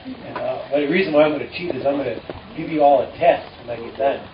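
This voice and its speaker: A man teaching a live audience in a relaxed way, speaking haltingly with many fillers and dry jokes. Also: medium pitch, background noise. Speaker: musician and storyteller addressing an audience. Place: live performance before an audience. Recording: distant, roomy and dull with faint ambience.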